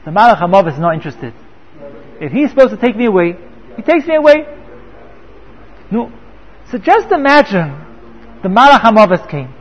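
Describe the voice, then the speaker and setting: A man's voice: sits high, sing-song, moderate pace, long pauses. A man giving a Torah lecture, telling a parable and asking rhetorical questions. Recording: echoey hall, dull lo-fi sound.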